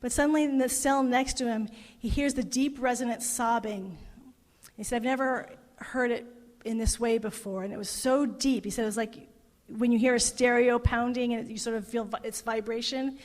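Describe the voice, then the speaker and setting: A woman's voice: fairly high pitch, steady tone, normal speed. A middle-aged woman minister giving a sermon, telling a story with emotion and voicing the people in it. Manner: emotive, retelling a story with quoted voices. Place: parish hall. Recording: long hall reverb.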